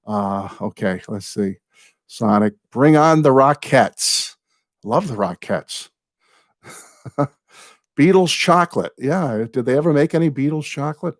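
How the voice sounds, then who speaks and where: An American man in his sixties hosts a live chat, rambling through stories, often apologizing and thanking his viewers warmly. His mid-range voice has lively intonation, and he speaks unhurriedly with long pauses. The recording is dry.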